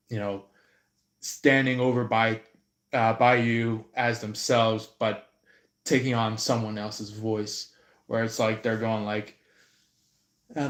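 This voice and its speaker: A man giving an intuitive reading on a live stream, slow and halting, with many fillers and restarts. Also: on the low side, reverberant. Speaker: tarot reader.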